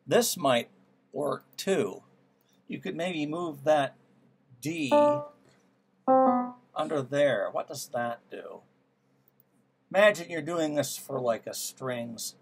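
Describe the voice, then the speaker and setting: A man's voice: fairly high pitch, expressive, slow pace, long pauses, slightly rough. A man teaching music theory, trying out ideas aloud and musing as he works through them. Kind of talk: thinking-aloud music lesson. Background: piano playing.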